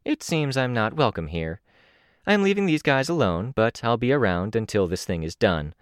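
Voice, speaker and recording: A man voicing March, a scheming young woman leaving a tense standoff, with his voice raised in pitch. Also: very animated, moderate pace, clean tone, no room sound, studio quality, lightly acted. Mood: wry.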